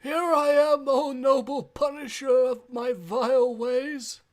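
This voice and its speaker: A man voicing a scheming male servant who flatters in an oily, quick way. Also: very high voice, pitched above the performer's own voice. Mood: sly.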